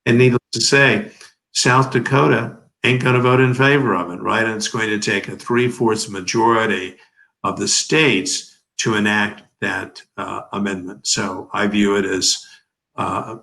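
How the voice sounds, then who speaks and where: Older man, lowish bright voice, emphatic oratorical legal commentary, rhetorical questions. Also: fairly even intonation, a little slow, gravelly, poor audio. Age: 70s. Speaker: interview guest, lawyer.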